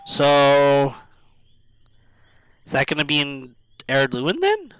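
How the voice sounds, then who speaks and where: A man casually commenting on an online game as he plays it on a live stream, musing aloud in halting self-talk. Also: mid-range voice, huge pitch swings, fairly bright tone, clean tone, no room sound.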